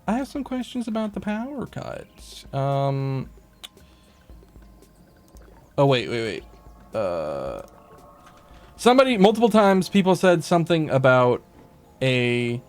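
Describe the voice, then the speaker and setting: A man streaming a game, chatting casually, swearing a lot and talking to the characters on screen, with faint game music behind. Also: medium pitch. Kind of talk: casual gameplay commentary.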